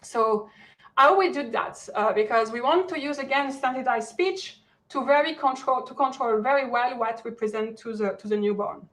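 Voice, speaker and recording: A woman's voice: fairly high pitch, moderate pace, a bit bright, poor audio. A woman from France with a French accent, giving an academic lecture over a video call, often searching for words. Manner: many fillers and restarts, searching for words. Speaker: guest lecturer.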